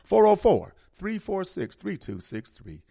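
A man's voice: high-pitched, wildly swooping pitch, measured pace, gravelly, mellow, husky. A man hosting community announcements, talking casually and repeating the details and phone numbers. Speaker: community radio host. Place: Atlanta area.

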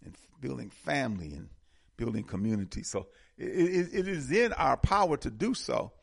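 A man hosts a casual political talk show, speaking at normal speed in a medium-pitched, expressive, gravelly voice with a breathy edge. He is impassioned and tends to repeat words as he builds momentum. The recording is clean studio sound with no echo.

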